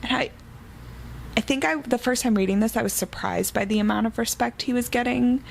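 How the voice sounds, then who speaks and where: A woman's voice: on the high side, a little fast, gravelly, a little hiss or hum, rough recording. A woman co-hosting a casual book podcast, recapping the plot eagerly. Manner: chatty, recapping the plot with enthusiasm. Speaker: podcast co-host.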